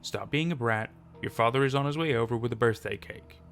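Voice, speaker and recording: A middle-aged mother in stubborn denial, defensive and scolding, in a storybook horror tale, read by a male narrator. Her lines come in a creaky, gravelly voice at a middle pitch. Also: fairly quick, a bit bright, a little hiss or hum, lightly acted.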